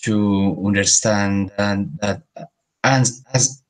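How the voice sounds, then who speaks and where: A male student answering in a language class, hesitant and halting, with many fillers. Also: fairly low pitch, fairly even intonation, low-quality recording.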